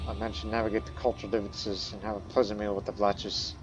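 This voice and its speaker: A man's voice: lowish voice, little pitch movement, fast talker. A man narrating a let's-play of a strategy game, reading event text aloud in first person and musing on it. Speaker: gameplay commentator. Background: faint background music.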